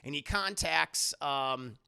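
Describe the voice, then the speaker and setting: Young male streamer, raised pitch and heavy vocal fry; rambling, profane, chatty movie recap. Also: slow pace, pushed and bright. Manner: rambling and profane, many fillers. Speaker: streamer film reviewer. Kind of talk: casual spoiler review to live chat.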